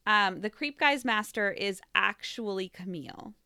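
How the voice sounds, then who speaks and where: Lively bright-voiced woman recapping a story. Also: medium pitch, a little slow, clean tone, no room sound, clean studio sound. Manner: animated, giggly, acts out characters' lines. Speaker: podcast co-host. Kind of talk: casual chat, recapping a story.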